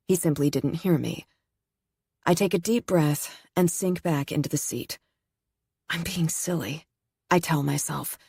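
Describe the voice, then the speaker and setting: A woman narrating a first-person audiobook in a measured, steady reading voice. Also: on the low side, no room sound, studio quality.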